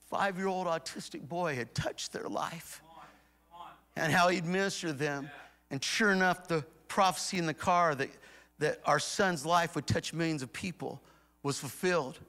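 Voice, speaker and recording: Pastor preaching, hushed to booming. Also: male voice, normal speed. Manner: swings from hushed retelling to loud emphatic declarations. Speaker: guest pastor. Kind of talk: sermon storytelling. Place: church auditorium before a congregation.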